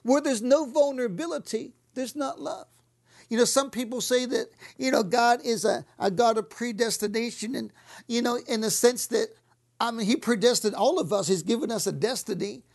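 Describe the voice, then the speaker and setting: A woman preaching a sermon, fervent, repeating words and dropping to soft whispers on key lines. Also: fairly high pitch, normal speed, creaky.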